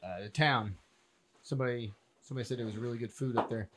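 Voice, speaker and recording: A man playing a tabletop game, speaking in character as a soldier, laid-back and deadpan. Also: medium pitch, quick pace, noisy background. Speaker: player.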